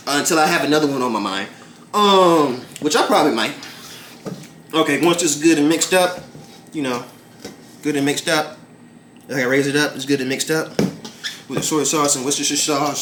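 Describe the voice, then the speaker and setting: Young male cooking vlogger, slightly high voice, rambling and profane, echoey kitchen with faint music behind. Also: a bit bright, a little hiss or hum. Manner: rambling, profane, fillers like "like" and "bruh". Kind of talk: casual cooking vlog with storytelling. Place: home kitchen. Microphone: camera mic. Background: background music.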